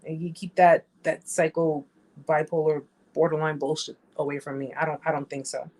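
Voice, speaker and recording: A woman's voice: low voice, level tone, moderate pace, a little mellow. A woman hosting a casual live-stream chat. She reads viewer comments aloud, talks straight to her viewers, and repeats phrases for emphasis.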